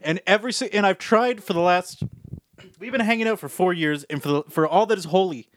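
A man's voice: high-pitched, brisk. A young man co-hosting a casual podcast chat, rambling and padding his thoughts with lots of "like" and "you know" on a close mic. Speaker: podcast co-host.

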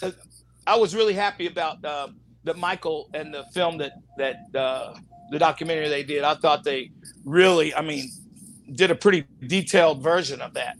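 A man's voice: a little high, moderate pace, a bit bright, slight background noise. A man, an actor being interviewed, telling stories in a casual chat. He laughs often and acts out the people he quotes. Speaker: actor guest.

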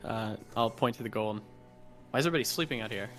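A man's voice: on the low side, fast, a bit bright, soft background music. A man playing in a tabletop game, talking in a blunt, crude and direct way. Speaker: player. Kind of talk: casual tabletop play.

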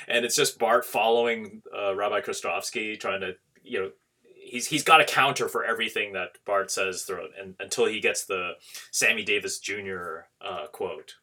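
Bright-voiced rambling podcast host, man. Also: fairly low pitch, normal speed. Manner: rambling, many restarts and laughs. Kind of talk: casual chat.

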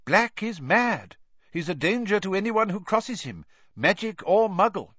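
A man's voice: sits high, big pitch swings, a little slow, fairly bright tone, no echo, voice pushed up, full character voice. A man doing a pompous fussy minister. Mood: irritable. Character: pompous irritable male government minister. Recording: dull lo-fi audiobook.

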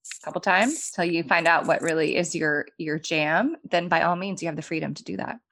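A woman's voice: fairly low pitch, a little fast, vocal fry. A woman hosting a podcast, affirming her guest and asking questions in a casual conversation. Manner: warm affirming interviewer, laughs easily. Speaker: podcast host.

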